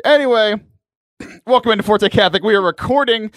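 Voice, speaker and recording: Guy hosting a radio show, kinda high voice, dry close sound, goofy and rambly. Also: fast talker, no room sound. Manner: energetic, jokey, rambling with restarts. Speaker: podcast host. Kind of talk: casual comedic radio chat. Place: radio studio.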